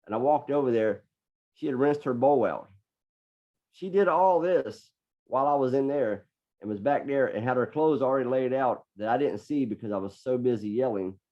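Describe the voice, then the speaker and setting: On a dull, lo-fi podcast recording, a middle-aged male guest with a medium-pitched voice talks at normal speed. He earnestly shares a personal story, repeating words often as he pulls his thoughts together.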